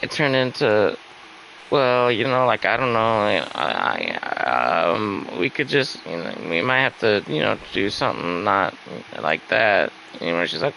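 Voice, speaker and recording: A man's voice: on the low side, expressive, moderate pace, gravelly, sharp tone, a little hiss or hum, low-quality recording. A young man venting casually in a rambling, upset way, with lots of fillers and swearing. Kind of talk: casual venting while gaming.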